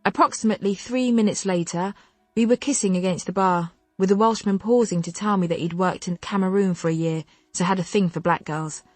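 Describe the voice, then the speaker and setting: A woman narrating a contemporary novel in first person, telling it in an expressive, wry way on a close studio mic. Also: medium pitch, fairly quick, no echo. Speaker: audiobook narrator.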